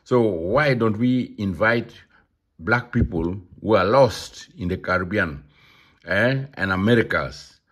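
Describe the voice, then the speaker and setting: Slow, husky-voiced man talking emphatically. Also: lowish voice, animated, a bit bright. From Uganda. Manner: emphatic, repeating points and checking with "Eh?" and "Okay?". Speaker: channel host. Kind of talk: casual talk to camera.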